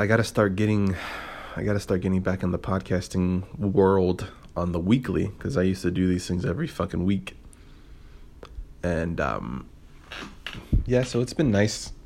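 Low-voiced man rambling through a story. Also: a little slow, gravelly, pauses often. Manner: rambling, profane, filler-heavy; sarcastic. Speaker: podcast host. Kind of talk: casual storytelling monologue.

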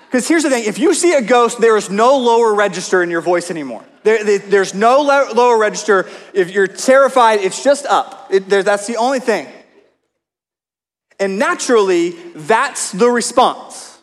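High-voiced man preaching in a hall. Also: animated, normal speed. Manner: storytelling, conversational with asides. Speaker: pastor. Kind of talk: sermon. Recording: long hall reverb.

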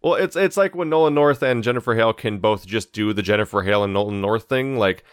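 A man's voice: on the low side, fast. A young man talking casually on a podcast, often stumbling and restarting his sentences.

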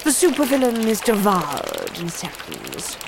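A woman reading a children's story aloud in an animated, gleeful, theatrical way. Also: mid-range voice, unhurried, vocal fry, heavy background noise. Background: music.

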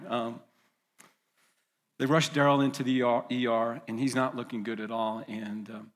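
A man's voice: mid-range voice, steady tone, measured pace, long pauses. Male pastor telling a story in a hall. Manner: vivid storyteller with fillers and restarts. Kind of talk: storytelling sermon.

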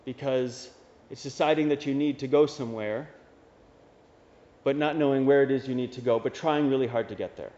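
A man's voice: medium pitch, normal speed, mellow. A man, a Dominican priest, giving a homily in a casual, conversational way with wry asides. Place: church. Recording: dull reverberant church recording.

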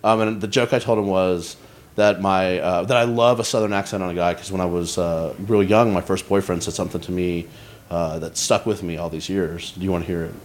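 A man's voice: low-pitched, steady tone, fairly quick. A man in his forties, a comedian guest, telling stories in casual podcast chat, rambling with lots of fillers and restarts. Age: 40s. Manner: rambling, filler-heavy storytelling.

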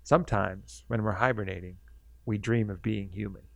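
A man voicing a gruff, plain-spoken male bear spirit. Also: on the low side, fairly even intonation, normal speed, fairly bright tone, no echo. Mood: matter-of-fact.

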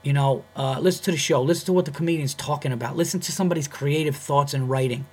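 A man's voice: on the high side, fast talker, darkish tone, husky. A man, a comedian hosting his own podcast, telling a story in a heated, profane way and acting out both sides of the dialogue. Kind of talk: casual storytelling monologue.

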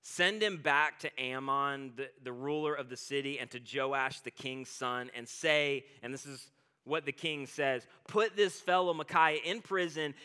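A man preaching a sermon in an energetic, conversational way, retelling scripture in his own words. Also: mid-range voice, unhurried, clean tone. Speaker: pastor.

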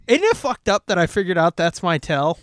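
A man's voice: high-pitched, fairly bright tone, no echo, studio quality. A man co-hosting a casual movie commentary, joking, swearing and laughing often. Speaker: podcast co-host.

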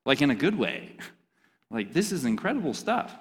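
A man's voice: medium pitch, sing-song, normal speed, long reverb tail, a little hiss or hum. A man giving an interactive, joking sermon to a youth group, quizzing the audience as he reads scripture. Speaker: youth pastor.

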